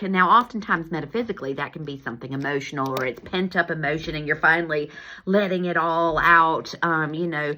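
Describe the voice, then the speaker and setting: A woman chiropractor telling a story in a casual monologue, animated and laughing as she acts out her own exclamations. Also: low-pitched, a little fast, a little hiss or hum. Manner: animated, laughing, lively retelling with acted-out exclamations.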